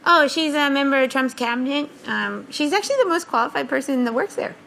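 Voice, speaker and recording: A comedian in her thirties with a central Pennsylvania twang, giving dry, deadpan one-liners in a quick-fire interview. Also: sits high, gravelly, a little hiss or hum, low-quality recording.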